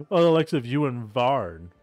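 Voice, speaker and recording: A man's voice: medium pitch, big pitch swings, measured pace, a little mellow, dry recording, soft background music. A man voicing a bored, arrogant male baron who talks in an offhand, sneering way, reading game dialogue aloud. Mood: condescending.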